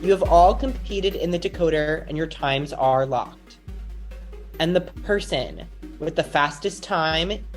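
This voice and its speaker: Lady host with a lowish voice, slow and deliberate results announcement. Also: soft background music. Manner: measured, deliberate. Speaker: competition host. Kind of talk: formal announcement.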